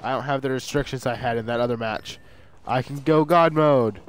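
A man's voice: medium pitch, brisk, clean tone. A young man in casual gaming chat, dryly calling out plans as he plays.

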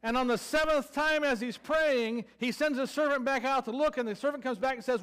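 A man's voice: very high-pitched, fairly quick, hardly any pauses, a bit bright, clear, resonant tone. A man with a Southern American accent preaching a sermon, telling a story with playful sarcasm and acting out the people in it. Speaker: pastor.

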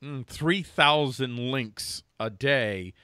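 A man hosting a political commentary chat, agreeable and energetic in manner. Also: mid-range voice, extremely slow, smooth, no room sound, studio quality. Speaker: show host.

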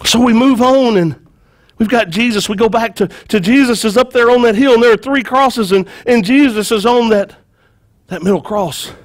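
A man preaching a sermon, retelling a story with lively acted-out quotes and frequent repeated words. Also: very high-pitched, normal speed. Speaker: pastor.

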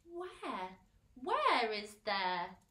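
A woman's voice: fairly high pitch, wildly swooping pitch, extremely slow, sharp tone, reverberant, heavily acted. A woman voicing a cheerful, wise old male grasshopper in a storybook reading. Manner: cheerful, reassuring.

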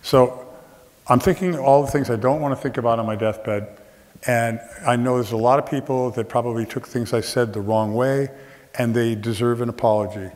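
On a theater stage, a man with a medium-pitched voice tells a funny personal story at normal speed, animatedly acting out the voices of the people involved. Long theater reverb trails his words.

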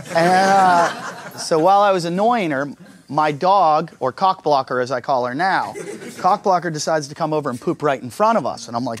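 A male stand-up comedian with a slightly high voice, telling crude, self-deprecating stories and playing out the other people's lines. The recording is noisy, with clicks in the background. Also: lively intonation, moderate pace. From United States. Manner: crude, self-mocking storytelling with acted-out quotes. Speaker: stand-up comedian and show host. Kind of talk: stand-up routine mixed with casual vlog tour.

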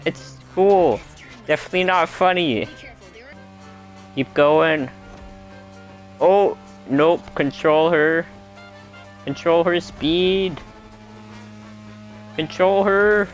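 Slow-talking excitable young man gaming. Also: a little high. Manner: self-mocking, excitable, talks to himself. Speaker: gameplay streamer. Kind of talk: casual let's-play commentary.

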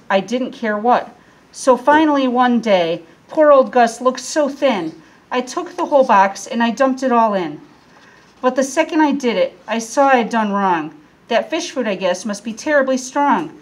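A woman, a teacher, reading a rhyming children's story aloud in an expressive, lilting way. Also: a little high, low-quality recording.

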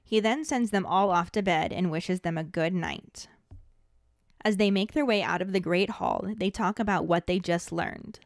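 A woman podcast host narrating a scripted chapter recap in a steady, even storytelling manner. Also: lowish voice, normal speed, no echo, clean studio sound.

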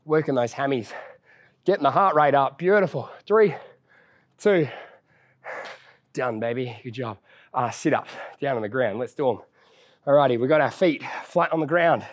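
A young fitness trainer leads a follow-along workout, exercising alongside and getting out of breath. He's upbeat and encouraging, counts reps down, and trades casual banter, his mid-range voice animated at a moderate pace with frequent pauses.

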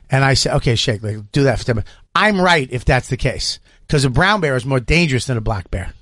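A man, a comedian guest on a comedy podcast, talking loud and animated in casual banter. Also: medium pitch, brisk, dry recording, studio quality. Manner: loud, animated, gets shouty.

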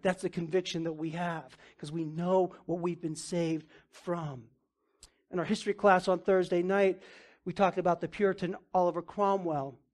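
A man preaching a sermon as pastor, emphatic, with casual asides, swinging from loud and urgent down to low and quiet. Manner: emphatic, rising to near-shouting then dropping low.

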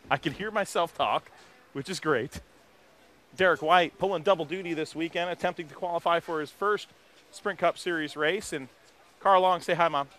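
A man hosting a live walk-around in an outdoor race garage, talking into a handheld mic in an energetic, rambling way. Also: a little high, normal speed, long pauses. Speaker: garage reporter host. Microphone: handheld microphone.

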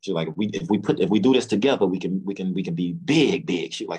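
A low-pitched man with a Memphis Southern accent tells a long, rambling story in a relaxed interview. He repeats and restarts words and acts out other people's lines in a raised voice. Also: quick pace, slightly rough. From Memphis, Tennessee, US. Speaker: guest, music executive.

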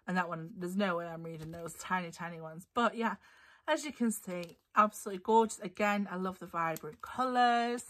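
A woman's voice: fairly low pitch, normal speed, a bit bright. A woman chatting casually through a craft haul, bubbly and giggly, her voice a little tired. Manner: bubbly and giggly, gushing over papers. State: voice getting tired. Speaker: craft vlogger.

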